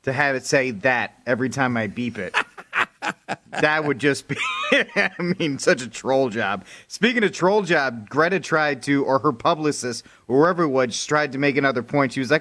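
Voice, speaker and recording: A man doing a news segment on talk radio in a casual, wry voice. He jokes along and stays easygoing at a middle pitch. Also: lively intonation, moderate pace, bright, forceful tone. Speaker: news co-host.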